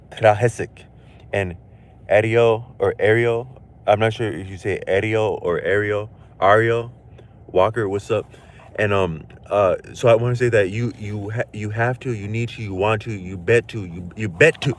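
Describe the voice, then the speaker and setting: A man with a fairly low voice talks casually to his livestream chat. He rambles in loose, slangy speech, circling back and restarting his thoughts. A faint hiss of background noise sits under the voice.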